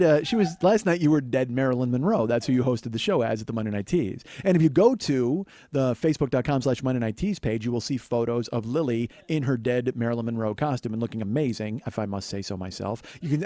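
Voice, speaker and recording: A man hosting a comedy podcast, chatting casually with loud silly bits and lots of swearing. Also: mid-range voice, expressive, fast talker, hardly any pauses, no room sound. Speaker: podcast host.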